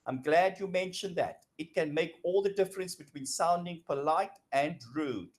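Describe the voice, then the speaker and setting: A middle-aged man teaching a grammar lecture, explaining slowly and acting out example dialogues. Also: a little high. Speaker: English teacher.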